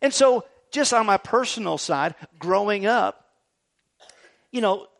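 A middle-aged man preaching with a high, bouncy voice that swings freely up and down. He keeps it light and joking, tossing "right?" to his listeners between points. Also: unhurried, creaky. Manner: animated, jokey preaching with frequent "right?" asides. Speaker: pastor. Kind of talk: sermon.

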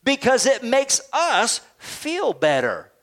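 A male pastor preaching a sermon with a call-and-response style, sometimes building to shouts. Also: very high voice, wildly swooping pitch, slow.

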